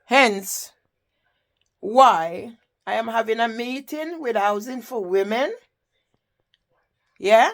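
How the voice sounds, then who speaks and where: A woman's voice: a little high, expressive, slow pace, long pauses. An older woman with a Jamaican accent, giving an impassioned personal testimony and often asking the listener "Yeah?". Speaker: campaigner telling her story.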